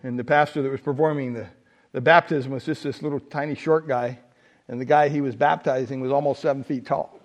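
A man's voice: medium pitch, a little fast. A man preaching a sermon as pastor, telling stories and building to emphatic peaks. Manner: animated storytelling, rising to emphatic peaks.

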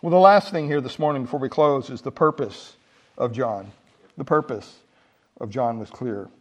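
A man's voice: mid-range voice, normal speed. A man preaching a sermon as pastor, telling stories and building to emphatic peaks. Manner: animated storytelling, rising to emphatic peaks.

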